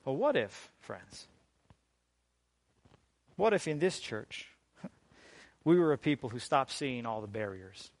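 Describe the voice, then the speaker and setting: A man preaching a sermon as pastor, emphatic and deliberate, with dramatic pauses and strong swings in loudness. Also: mid-range voice, very animated, no room sound.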